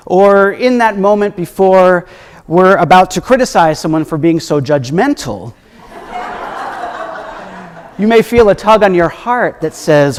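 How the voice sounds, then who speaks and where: A man preaching a sermon as minister, reflective and gently humorous, his voice at times dropping soft. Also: sits high, animated, a little slow, pauses often. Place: church sanctuary. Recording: echoey hall with long reverb.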